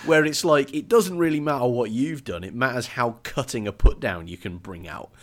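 Man, wry podcast co-host, casual chat, lively delivery. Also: mid-range voice, normal speed. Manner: wry, lively, given to comic put-on voices.

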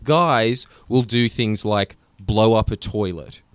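A man hosting a podcast, joking loudly and laughing as he chats with guests. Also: on the low side, smooth, no room sound. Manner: rowdy, quick to laugh and joke. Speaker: podcast host. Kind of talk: casual banter.

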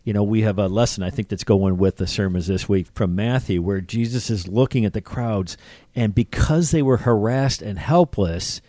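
A man's voice: lowish voice, warm tone, no echo. A man co-hosting a casual faith podcast, speaking in a reflective, heartfelt way. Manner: reflective, heartfelt, with quick asides.

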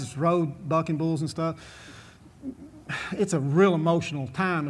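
A man, a former bull rider telling a long folksy story to an audience, drawling and chuckling as he goes. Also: high-pitched. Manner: drawling, chuckling, repetitive restarts.

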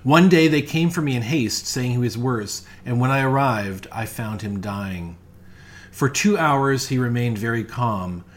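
A man's voice: medium pitch, animated, a little slow. Man reading a ghost story. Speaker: reader.

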